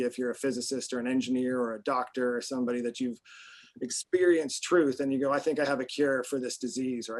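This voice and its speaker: A man's voice: medium pitch, low-quality recording. Adult man, casual panel talk, rambling delivery with frequent fillers. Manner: rambling, many restarts and fillers. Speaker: panel guest.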